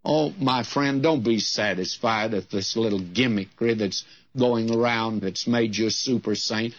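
Older guy preaching real slow, a bit high-voiced, muffled old tape sound. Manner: slow, deliberate preaching with rising pitch when quoting scripture. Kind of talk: sermon. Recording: dull lo-fi old sermon recording.

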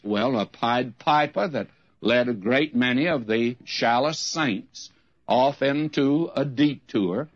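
A man's voice: mid-range voice, no echo, dull audio. An older man from the United States giving folksy, emphatic Bible teaching, with rising questions.

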